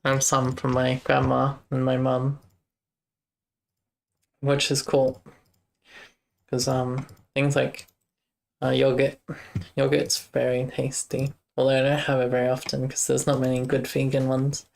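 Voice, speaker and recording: Young aussie game dev streamer, flat gravelly voice, rambling, thinking out loud while coding. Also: mid-range voice, measured pace, pauses often. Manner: rambling, thinks aloud, chats with viewers. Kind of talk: casual live-stream chat while coding.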